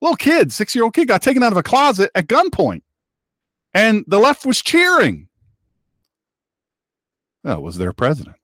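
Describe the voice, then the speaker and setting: A man's voice: high voice, wildly swooping pitch, normal speed, long pauses, fairly bright tone, no echo, studio quality. A man hosting a talk show, giving an opinionated monologue in an emphatic, sarcastic, preachy manner.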